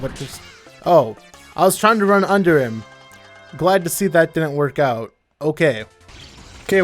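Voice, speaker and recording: A young man giving casual, rambling commentary while playing a video game, often correcting himself mid-sentence. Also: fairly high pitch. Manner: rambling, self-correcting, chatty. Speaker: gameplay commentator. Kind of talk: casual let's-play commentary.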